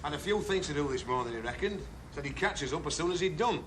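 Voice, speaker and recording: A man's voice: a little high, expressive, fast, a bit bright. An earnest Northern rugby man. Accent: Northern English. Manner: earnest, defensive of his friend. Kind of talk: 1970s television drama acting. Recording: noisy 1970s television soundtrack.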